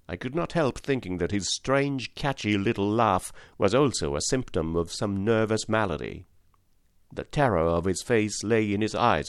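A man reading a story aloud as an audiobook narrator, in a measured and dramatic way. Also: on the low side, no room sound, clean studio sound. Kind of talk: scripted narration.

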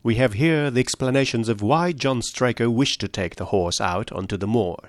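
A man reading a story aloud, voicing a shrewd male detective who lays out his deductions in a measured, precise way. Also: mid-range voice, no echo, clean studio sound, lightly acted. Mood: explaining.

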